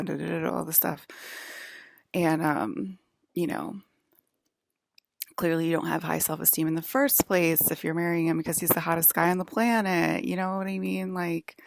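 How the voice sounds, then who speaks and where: Low gravelly woman ranting casually. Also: no echo, clean studio sound. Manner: filler-heavy, frequent "like", restarts; exasperated, ranting commentary. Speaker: vlogger. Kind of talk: casual rambling monologue.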